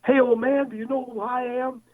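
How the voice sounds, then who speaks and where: A man doing a high, booming impression of a boastful male boxing champion, told over a phone line. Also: little pitch movement, a little fast.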